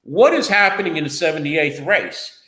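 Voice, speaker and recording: A man's voice: fairly high pitch, lively intonation, normal speed, a bit bright, echoey room, rough recording. A man co-hosting a local political talk show, defensive and rambling as he explains himself. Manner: defensive, rambling, repeats the other host's name. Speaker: co-host and local reporter. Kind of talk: casual political chat show.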